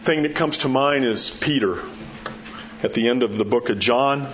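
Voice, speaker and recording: A pastor giving a sermon in a conversational way, acting out the quotes and dropping his voice low to drive points home. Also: normal speed, fairly bright tone. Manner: conversational preaching, acts out quotes, drops low for emphasis. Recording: dull muffled sound with faint background hiss.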